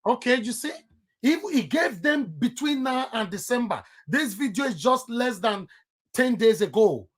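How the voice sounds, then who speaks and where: A man's voice: extremely high pitch, lively intonation, a little slow. A man with a Nigerian accent giving heated political commentary on his vlog, emphatic and repeating himself for stress.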